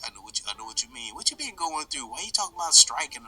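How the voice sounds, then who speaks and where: A man hosting his channel, groggy from just waking up, talking in a quiet, hesitant, low-key way in a casual comedy chat. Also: sing-song, very fast, hardly any pauses, slightly rough, soft background music, poor audio. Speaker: channel host.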